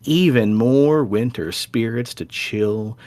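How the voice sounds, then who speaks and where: A man's voice: mid-range voice, slow, a little mellow. A man co-hosting a casual podcast, joking and teasing his co-host, whom he keeps calling buddy.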